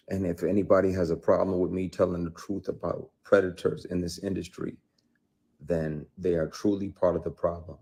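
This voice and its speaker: A man's voice: low voice, level tone, moderate pace, dark tone. A middle-aged man speaking candidly about his work as an actor, blunt and emphatic, with plenty of profanity and rising intensity. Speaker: actor telling his story. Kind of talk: candid conversational interview.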